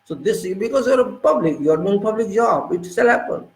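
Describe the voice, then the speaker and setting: Speaking briskly with lively intonation, this man has a high voice and an Indian English accent. He is a political commentator delivering an indignant monologue full of repeated rhetorical questions, recorded poorly in a reverberant space.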